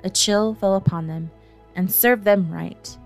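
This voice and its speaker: A woman narrating a storybook gently, with a dry, wry edge. She has a middle pitch, and faint music sits behind her voice. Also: fairly even intonation, measured pace, creaky. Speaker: audiobook narrator.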